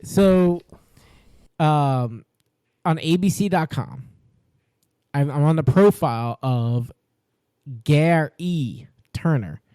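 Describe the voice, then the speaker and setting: A man co-hosting a casual podcast chat, jokey and animated, tripping over his words when excited. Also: a little high, slow, pauses often, clean tone, dry recording. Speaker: podcast co-host.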